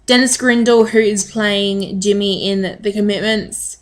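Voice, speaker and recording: A woman's voice: mid-range voice, fairly even intonation, measured pace. A woman chatting casually to the camera in a rambling way with frequent ums. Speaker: vlogger.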